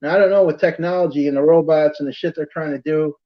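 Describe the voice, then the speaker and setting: A man's voice: on the high side, fairly even intonation, fast talker. Rambling man with a lo-fi sound. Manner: rambling, laughs through his stories, many fillers. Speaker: storyteller in casual conversation. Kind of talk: casual chat. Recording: dull lo-fi audio.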